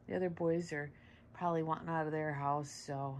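Chatty woman with a lowish voice. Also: fairly even intonation, brisk, a little hiss or hum. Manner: chatty and rambling, coos at the dog. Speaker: dog owner and channel host. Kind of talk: casual vlog talk while grooming a dog. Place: indoors at home, sunny room by windows. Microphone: camera set up nearby.

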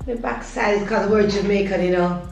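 A woman's voice: mid-range voice, steady tone, fairly quick, vocal fry, highs cut off, music in the background. A woman in a casual quiz chat, teasing and playful. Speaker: quiz contestant. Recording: echoey room from far off.

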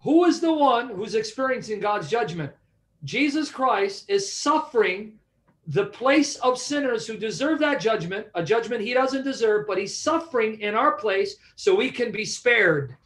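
A man's voice: high-pitched, lively intonation, unhurried, fairly bright tone. A man teaching a Bible study, emphatic and repeating questions to check that his listeners follow.

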